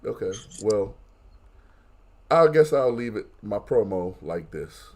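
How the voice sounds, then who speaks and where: Guest-hosting a wrestling podcast, a man with a voice on the low side speaks at a slow pace, trading casual banter and launching into animated, mock-outraged rants.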